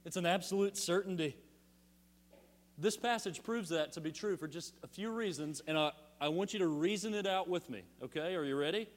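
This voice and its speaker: A male pastor preaches to his congregation in a fairly high voice, animated and emphatic, stopping often to put rhetorical questions to the room. His words ring out with a long reverb through a large sanctuary. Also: brisk. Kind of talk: sermon.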